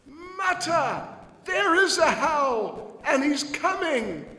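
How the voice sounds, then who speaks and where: A man voicing an eager little boy who insists with shrill, emphatic cries, heard in an echoey hall. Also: very animated, very slow, bright, forceful tone, full character voice. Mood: insistent. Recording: echoey hall, faint ambience.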